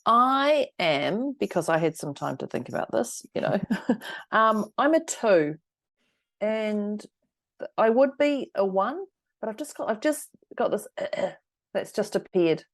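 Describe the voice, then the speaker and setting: A woman co-hosting a casual podcast chat remotely, animated, acting out quotes and laughing a lot. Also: medium pitch, slow. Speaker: podcast co-host. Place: New Zealand, remote call.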